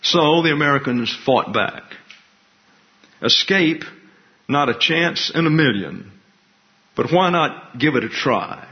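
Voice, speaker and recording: A man's voice: fairly high pitch, animated, slow, long pauses. Man reading history, dull lo-fi audio. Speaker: presenter. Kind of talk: reading a prepared history talk. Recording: dull lo-fi recording.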